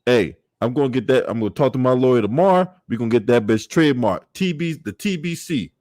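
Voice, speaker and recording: A man livestreaming in casual chat, swearing freely, laughing often and shouting out viewers. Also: medium pitch, animated, quick pace, no echo, studio quality.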